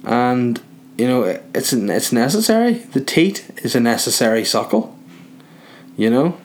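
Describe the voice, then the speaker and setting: A man's voice: mid-range voice, sing-song, a little slow. A young man from Northern Ireland with a Northern Irish accent, rambling through a crude comic monologue while relaxing in bed. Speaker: vlogger.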